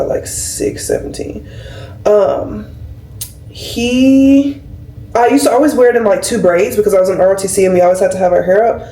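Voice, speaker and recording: A young woman in her twenties, a nurse, talking casually and animatedly to her camera while getting ready at home. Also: medium pitch. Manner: chatty, animated storytelling with lots of fillers. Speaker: nurse and vlogger. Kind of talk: casual vlog chat. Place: indoors at home, doing her hair. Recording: roomy and a bit distant.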